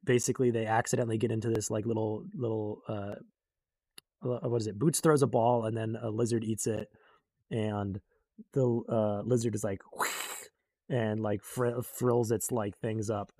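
Young man for a rambling casual recap, husky mellow voice, dry close sound, lots of ums and animated quoting. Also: fairly low pitch, normal speed, no room sound. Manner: rambling, full of fillers, animated quoting of characters. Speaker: book recap vlogger.

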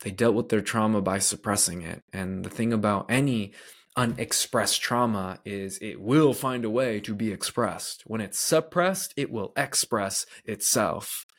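A man's voice: fairly low pitch, measured pace. A man from Canada hosting his own podcast, telling a personal story in an earnest, candid way with lots of casual "like" fillers. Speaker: podcast host.

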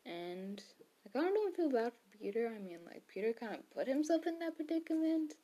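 A woman's voice: a little high, sing-song, moderate pace, dark tone. A woman retelling a story in casual chat, rambling with fillers and self-corrections, and sometimes dropping to a whisper for quotes.

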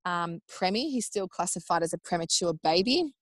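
An Australian woman in her thirties telling her own birth story in casual, animated talk, acting out what people said and swearing freely. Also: fairly low pitch, moderate pace, no room sound. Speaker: podcast guest.

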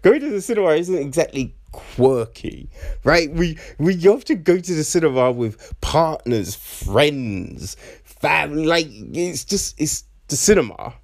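Chatting casually about a film, this reviewer has a voice on the high side with a sing-song lilt and a measured pace. He often ends his points with "right?" and drops into mocking impressions.

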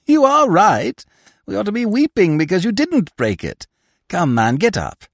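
A jeering male clown, as a man puts him on, teasing with high, bouncing pitch. The sound is close and dry, his mockery relentless. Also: huge pitch swings, moderate pace, no room sound, full character voice. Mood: mocking. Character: mocking male clown actor.

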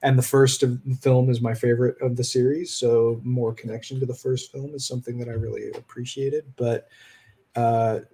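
A man's voice: medium pitch, level tone, moderate pace, mellow, slightly rough. A man chatting casually about games in a thoughtful, hesitant way. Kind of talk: casual game discussion chat.

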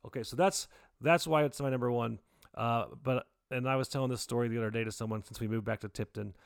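A man in his forties co-hosting a podcast, telling a story in casual, excitable chat. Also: fast, vocal fry, smooth, dry recording, studio quality. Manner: excitable storyteller, jumps pitch for quoted voices. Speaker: podcast co-host.

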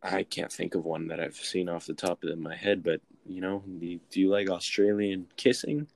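A man co-hosting a casual chat, playful and enthusiastic, quick to laugh. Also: low-pitched, fairly even intonation, gravelly.

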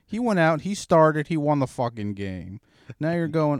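A man's voice: on the high side, sing-song, normal speed, no echo, studio quality. A man in casual chat, swearing freely and teasing his friend in an argumentative, ribbing way.

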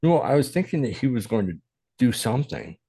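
A man's voice: medium pitch, very animated, fairly quick, mellow, breathy edge, no room sound. A man co-hosting a casual movie podcast, thinking aloud and recounting his guesses about the plot, with some profanity. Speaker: podcast co-host.

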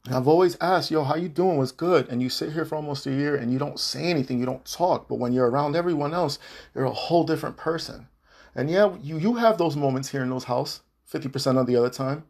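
A man's voice: fairly high pitch, fast, gravelly, darkish tone. A man hosting a podcast, delivering a heated, profane, repetitive monologue addressed to an ex-partner. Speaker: podcast host.

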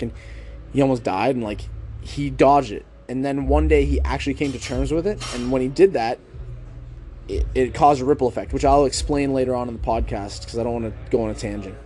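A young man hosts his podcast alone, walking through a book in a relaxed, conversational way. His voice is mellow and warm, and he deliberately lifts and drops his tone to keep listeners hooked. A faint noise sits under the recording. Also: mid-range voice. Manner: conversational, with filler "like" and rhetorical questions. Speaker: podcast host. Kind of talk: casual book-review podcast monologue.

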